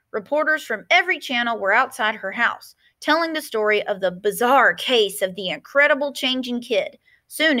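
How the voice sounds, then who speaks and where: A woman teacher reading a storybook aloud with lots of expression. Her voice sits fairly high. She pauses often to explain words to her listeners. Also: bright, forceful tone.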